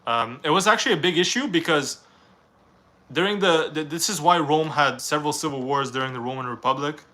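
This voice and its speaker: A man's voice: on the high side, fairly quick, pushed and bright. A young man from Canada, reading viewers' questions aloud on a live stream and answering them in a casual, rambling way.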